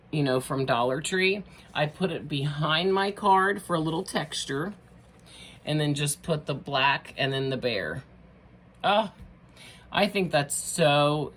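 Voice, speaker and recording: A middle-aged woman, chatting through a casual craft tutorial, bubbly and quick to laugh at herself. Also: low-pitched, slight background noise. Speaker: craft vlogger.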